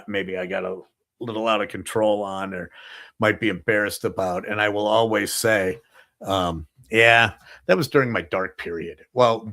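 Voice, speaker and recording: A man's voice: on the low side, fairly bright tone. A man hosting a live talk show, telling a long story in a rambling, anecdotal way with many fillers and asides.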